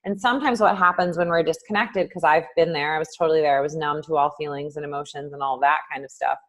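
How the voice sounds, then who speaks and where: Woman coach talking live to viewers, lots of ums, acts out voices, gets loud then soft. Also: quick pace. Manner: animated, acts out inner voices with big swings in pitch and loudness; casual, many ums and filler words. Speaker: life coach. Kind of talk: live-streamed motivational coaching talk.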